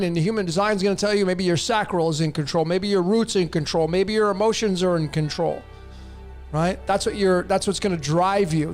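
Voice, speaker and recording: A man hosting a live stream, answering viewer questions in a blunt, emphatic way and often repeating his phrases. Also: high voice. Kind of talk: casual live-stream talk.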